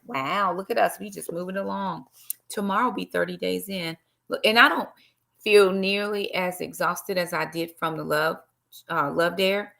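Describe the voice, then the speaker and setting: A middle-aged woman chats through a live-stream devotional, greeting viewers by name and slipping into preachy asides. Her voice sits fairly low with a gravelly edge. She talks casually to her audience between points. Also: normal speed, a bit bright. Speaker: livestream host and Bible study teacher.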